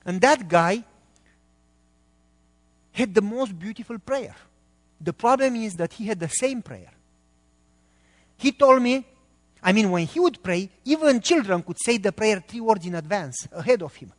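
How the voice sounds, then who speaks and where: Middle-aged male pastor, high voice, emphatic sermon delivery, long hall reverb. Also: animated, a little slow, pauses often. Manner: emphatic, quizzes the congregation with questions.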